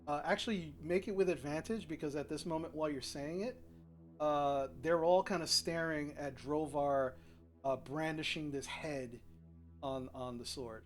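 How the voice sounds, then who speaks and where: A man narrating a tabletop game as game master, describing the scene with hesitant pauses. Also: fairly high pitch. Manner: hesitant, lots of ums and restarts while describing the scene.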